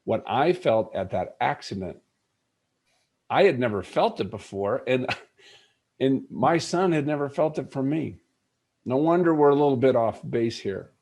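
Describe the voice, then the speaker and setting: A man's voice: medium pitch, expressive, measured pace, darkish tone. Earnest middle-aged man telling a story. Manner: earnest, reflective, with many fillers. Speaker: podcast guest, leadership coach. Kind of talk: conversational storytelling interview.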